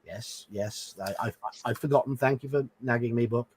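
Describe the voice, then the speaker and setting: A man's voice: mid-range voice, normal speed, a little mellow, slightly rough, no room sound. A man hosting a live playthrough, reading a gamebook aloud with casual asides and chuckles.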